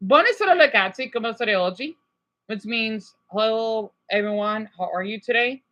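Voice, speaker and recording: A woman's voice: fairly high pitch, fairly bright tone. A woman casually teaching a pretend class about how languages compare, eager and chatty, often restarting and hedging.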